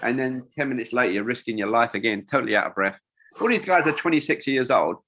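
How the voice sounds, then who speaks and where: Chatty older man, bright voice. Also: mid-range voice, lively intonation, quick pace. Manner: rambling, chatty, with many fillers and restarts. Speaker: wingsuit designer guest. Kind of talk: casual interview storytelling.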